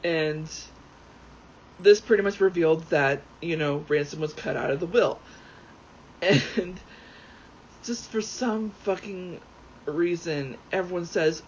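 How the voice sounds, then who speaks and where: A rambling, excitable man commenting casually while he plays, swearing freely and jumping between thoughts. His voice sits a little high for a man. The recording is dull and lo-fi, with a faint hiss of noise behind him. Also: takes it slowly, pauses often. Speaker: gaming YouTuber.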